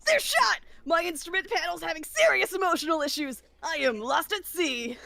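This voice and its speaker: A woman's voice: very high-pitched, brisk, creaky, no room sound, heavily acted. A woman reading the part of a frantic young male pilot caught in a storm, in a comedic table read. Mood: frantic shouting. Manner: shouting, hammy over-the-top.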